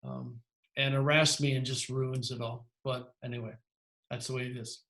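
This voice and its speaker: A man's voice: mid-range voice, flat delivery, normal speed, fairly bright tone, roomy sound. A man teaching a language class, explaining at length with frequent restarts and self-corrections. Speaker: Greek teacher. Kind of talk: lecturing in a class.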